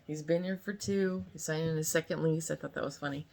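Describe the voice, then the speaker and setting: Gravelly-voiced chatty woman in her fifties. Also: low-pitched, fairly even intonation, a little fast, darkish tone, slight background noise. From California. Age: 50s. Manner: chatty, rambling, many fillers. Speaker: vlogger. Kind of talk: casual storytime chat.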